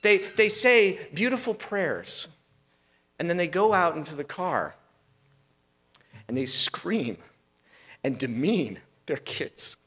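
A man's voice: a little high, expressive, takes it slowly, pauses often, fairly bright tone, slightly rough. A man preaching a sermon as pastor, asking rhetorical questions and restarting phrases as he goes.

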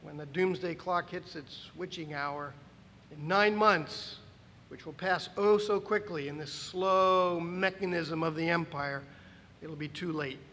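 Man, pastor preaching a sermon, high-pitched, animated and emphatic, long echo of a church hall. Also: measured pace.

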